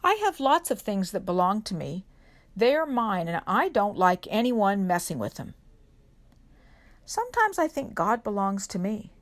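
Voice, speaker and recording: A woman reading a children's picture book aloud at a church service for kids, gentle and unhurried, pausing to put questions to the children. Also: medium pitch, very animated. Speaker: reader at a children's worship service.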